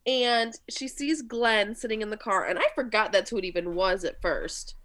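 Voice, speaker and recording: A woman's voice: medium pitch, moderate pace, fairly bright tone. A woman co-hosting a casual podcast, recapping a TV episode and acting out characters' lines with lots of laughter. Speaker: podcast co-host. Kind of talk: casual chat recapping a TV show.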